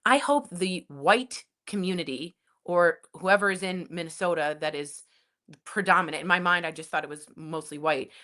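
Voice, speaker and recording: Bright-toned woman podcast co-host. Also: on the low side, normal speed. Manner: emphatic, impassioned opinions. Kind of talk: casual news chat.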